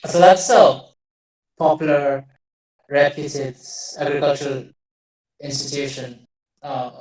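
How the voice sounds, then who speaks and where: A man with a mid-range voice talks about farming trends on a low-quality recording. It's a loose, meandering monologue delivered while screen-sharing, full of restarts and wry jokes about himself.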